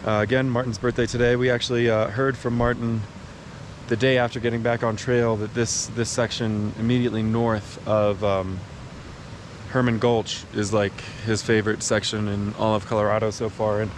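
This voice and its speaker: A man's voice: fairly low pitch, flat delivery, moderate pace. A young man and thru-hiker, rambling in a laid-back, filler-heavy way as he narrates a hiking vlog outdoors. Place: outdoors on a mountain trail by a highway. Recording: outdoor noise, traffic and wind.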